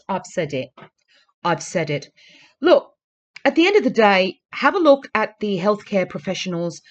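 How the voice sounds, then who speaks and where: Earnest, urging woman vlogger. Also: lowish voice. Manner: earnest, urging, repeats pleas for emphasis. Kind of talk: casual talk to camera.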